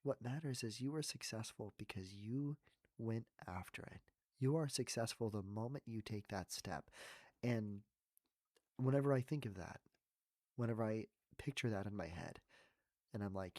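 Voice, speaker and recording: A man's voice: on the low side, moderate pace, a little mellow, dry recording, studio quality. A man, a voice actor and coach, talking earnestly and reflectively as a podcast guest. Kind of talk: casual podcast conversation.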